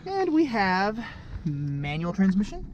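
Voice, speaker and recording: A man's voice: sits high, huge pitch swings, slow pace, noisy background. A man hosting a casual car walkaround outdoors in the cold, joking and then correcting his own gags as he goes. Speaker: car reviewer and channel host.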